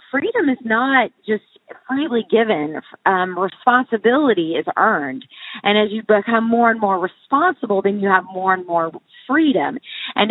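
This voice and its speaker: Husky woman with a tinny, dry sound. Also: medium pitch, no echo. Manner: rambling, restarts often. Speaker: co-host. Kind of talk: casual conversation about parenting.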